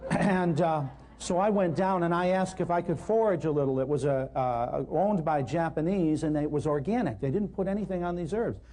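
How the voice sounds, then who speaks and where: A man speaking to a live audience in a slightly high but mellow voice. He tells wry, self-deprecating anecdotes in a relaxed storytelling way. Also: moderate pace. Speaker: natural healing lecturer. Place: live talk in front of an audience.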